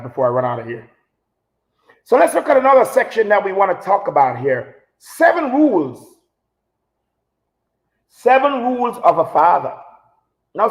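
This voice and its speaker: A man with a very high voice hosts a live talk show and delivers an impassioned monologue. He talks like a preacher, hammering his points home with repetition. He sounds emotional. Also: rough recording. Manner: preachy, emphatic, repeats phrases for effect.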